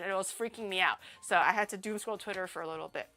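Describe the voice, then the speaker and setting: A woman's voice: medium pitch, brisk, pushed and bright, faint music behind. A young woman streamer telling a story in a casual, rambling way, often laughing as she goes.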